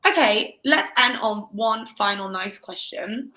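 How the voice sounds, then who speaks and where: Woman host on a chatty podcast, really bright voice, animated. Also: mid-range voice, unhurried, poor audio. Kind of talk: casual podcast interview.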